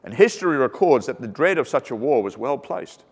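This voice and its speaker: A man at a mid pitch preaches a sermon in a big echoing hall. He teaches earnestly and slips in joking asides. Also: animated, fairly quick, husky. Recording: reverberant hall.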